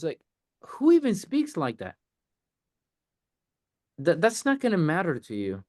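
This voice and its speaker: A man's voice: sits high, huge pitch swings, measured pace, long pauses, darkish tone. A man coaching a group on a sales call, talking bluntly with lots of swearing. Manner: blunt, swears freely, acts out mock sales lines.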